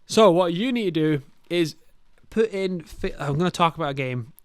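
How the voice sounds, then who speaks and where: A young man talks casually on his podcast, blunt and sweary, wandering off into asides. His voice sits a little high and comes across smooth and clear. The recording is close and dry. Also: animated, normal speed, darkish tone, dry recording. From Scotland. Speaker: podcast host, dungeon master. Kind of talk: casual podcast talk, giving advice.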